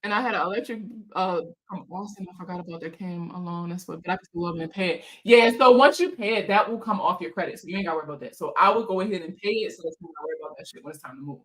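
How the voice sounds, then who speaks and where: A woman's voice: on the low side, racing, hardly any pauses, fairly bright tone, rough recording. A woman hosting a casual livestream chat, slangy and swearing freely, laughing often as she reads viewer comments aloud and answers them. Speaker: financial counselor hosting a live chat.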